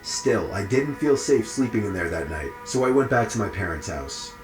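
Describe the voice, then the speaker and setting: A man reading a first-person horror story aloud in a steady, even way. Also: on the low side, moderate pace. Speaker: story narrator. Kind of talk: scripted horror story narration. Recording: echoey with faint music behind.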